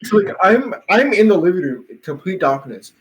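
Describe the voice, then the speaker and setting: A man's voice: high-pitched, big pitch swings, a little fast, slight background noise, rough recording. A young man hosting a casual podcast, telling a story in a rambling way full of restarts and laughs. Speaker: podcast host.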